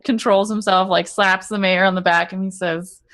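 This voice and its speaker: A woman's voice: medium pitch, steady tone, normal speed, fairly bright tone, no room sound, clean studio sound. A woman player casually narrating her character's epilogue in a tabletop game, rambling with many "like"s and "um"s. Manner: rambling, full of "like" and "um", giggly.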